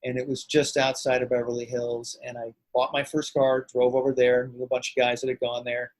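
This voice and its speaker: A middle-aged man, a martial arts grand master and actor, telling stories in an animated, rambling way as an interview guest. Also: mid-range voice, fairly quick, no room sound, rough recording. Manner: animated, rambling, swings loud and soft. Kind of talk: casual storytelling interview.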